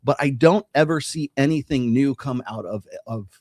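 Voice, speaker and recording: A man's voice: medium pitch, normal speed, darkish tone, no room sound, clean studio sound. A man hosting a casual podcast discussion, explaining his views emphatically and repeating phrases for emphasis. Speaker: podcast host.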